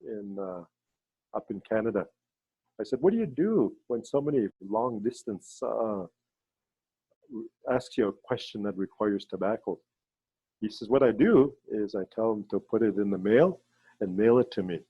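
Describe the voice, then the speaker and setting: Husky low-voiced man telling stories. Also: lively intonation, no room sound, highs cut off. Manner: halting, with many fillers and restarts, voices quoted people in a higher pitch. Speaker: ceremony leader and storyteller. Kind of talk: storytelling talk on a video call.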